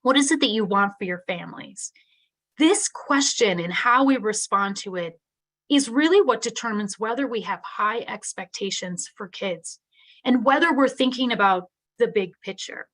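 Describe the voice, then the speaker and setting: A woman's voice: a little high, expressive, normal speed, a bit bright. Earnest woman giving an online keynote. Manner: earnest, conversational, frequent "right?" tags. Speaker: keynote speaker on special education. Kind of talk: live online keynote talk.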